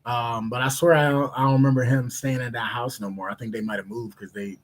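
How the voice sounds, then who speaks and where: A man from Cleveland co-hosting a podcast, telling a story in a casual, animated way and acting out the voices in it. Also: medium pitch, fast. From Cleveland, Ohio. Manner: animated, laughing, acts out voices in his stories. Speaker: podcast co-host.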